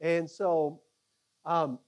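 A man teaching a Bible study to a group, animated and conversational, with frequent halting restarts. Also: a little high, muffled recording.

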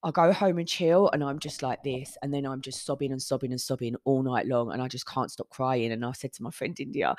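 A woman's voice: very deep voice, fairly quick, few pauses, darkish tone, no echo, studio quality. Candid woman telling her story. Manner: candid, swears, retells conversations. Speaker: podcast host. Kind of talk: personal storytelling monologue.

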